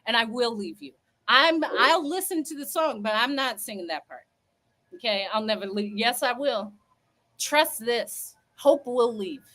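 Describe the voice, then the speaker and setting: Woman host, sassy and emphatic storyteller, slightly high voice. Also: lively intonation, a little slow, a bit bright. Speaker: livestream host. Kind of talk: casual storytelling livestream.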